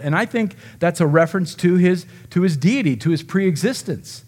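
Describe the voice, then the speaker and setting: A man delivers a sermon in a somewhat high-pitched voice. He preaches with animation, slipping into dramatized quotes from the people in the passage. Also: animated, moderate pace, hardly any pauses, darkish tone. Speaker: pastor.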